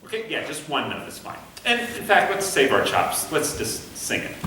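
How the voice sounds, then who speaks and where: A man's voice: a little high, huge pitch swings, normal speed, loud music behind the voice. Patient male conducting teacher, echoey room. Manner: patient, demonstrative, sings syllables to show rhythm. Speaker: conducting instructor. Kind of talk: classroom coaching. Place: rehearsal room. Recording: echoey room from far off, faint hiss.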